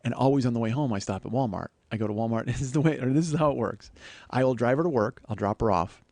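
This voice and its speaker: A man's voice: mid-range voice, fast talker, darkish tone, dry recording. A man in his forties hosting a podcast, telling stories in a rambling, self-deprecating and profane way. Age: 40s. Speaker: podcast host. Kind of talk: comedic storytelling monologue.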